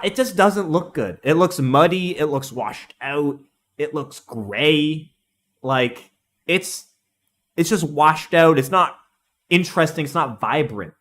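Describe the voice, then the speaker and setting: Young man, streamer, slightly high-pitched, excitable, rambling, casual game analysis. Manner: excitable, rambling, laughs at himself.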